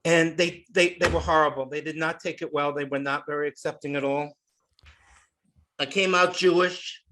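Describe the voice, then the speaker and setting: A man in his sixties doing a stand-up comedy set in a club, with a loud, punchy delivery, swearing and shouting his punchlines. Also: on the high side, fairly even intonation, moderate pace, a little hiss or hum. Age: 60s.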